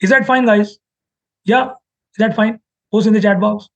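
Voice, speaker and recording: A man with an Indian English accent teaching trading in a live online class, acting out buyers and sellers in quick quoted lines. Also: high voice, creaky, highs cut off. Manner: animated, acts out buyers and sellers in quoted voices. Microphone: webcam mic on a video call.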